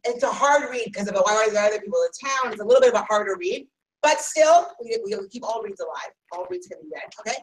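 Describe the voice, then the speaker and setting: A woman teaching a Talmud class, questioning her students in an animated way and correcting herself quickly. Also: medium pitch. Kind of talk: interactive class discussion. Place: classroom with a live audience. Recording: distant mic in a room, faint noise.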